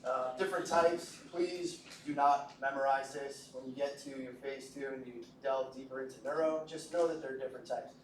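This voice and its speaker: A man's voice: mid-range voice, steady tone, normal speed, hardly any pauses, slight background noise. Man, medical lecturer, casual joking delivery, asks the class questions, echoey room, distant mic.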